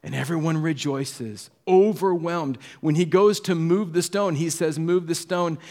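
Speaking a little slowly and a touch high, a male pastor delivers a sermon full of stories. He voices the characters' words and moves from quiet moments to animated ones.

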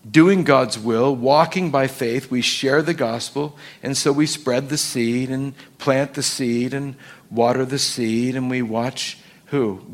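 A man preaching a sermon to his church, animated and quick to act out voices and quotes. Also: medium pitch. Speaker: pastor.

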